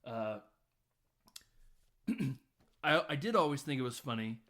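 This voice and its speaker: A man talks through a film scene by scene in a relaxed podcast chat. His voice sits in a middle range, and his delivery wanders with plenty of fillers and restarts. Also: medium pitch, a little slow. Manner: rambling recap with many fillers. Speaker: podcast co-host. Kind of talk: casual film discussion.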